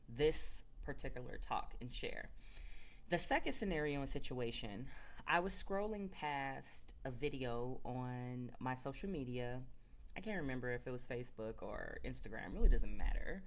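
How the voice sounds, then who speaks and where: Woman, low voice, casual spiritual storyteller, filler-heavy chat. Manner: loose, filler-heavy, chatty. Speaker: spiritual speaker.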